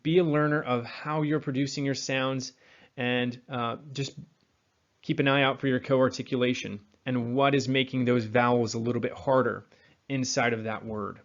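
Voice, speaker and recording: A man's voice: mid-range voice, flat delivery. Man coaching pronunciation, slightly dull sound. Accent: General American. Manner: demonstrates sounds slowly, repeats words. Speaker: accent coach. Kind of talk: teaching pronunciation.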